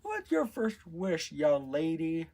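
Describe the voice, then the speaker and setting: A man's voice: fairly high pitch, very animated, slow, a little mellow, full character voice. A man voicing a grand, announcing male genie of a magic lamp in a homemade story.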